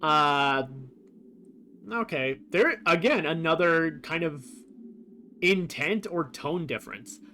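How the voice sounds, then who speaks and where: A man's voice: on the high side, expressive, takes it slowly, long pauses, sharp tone, a little hiss or hum. A man streaming a game who compares translations in casual commentary, rambling with many fillers.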